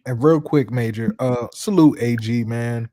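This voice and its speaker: A man's voice: mid-range voice, unhurried, mellow, dry recording. A man co-hosting a sports podcast, reading out player stats. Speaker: podcast co-host.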